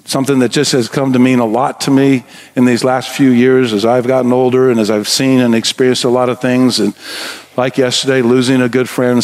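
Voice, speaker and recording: In a church sanctuary, a middle-aged pastor preaches a sermon in a mid-range voice, earnest and building toward emphatic exhortation.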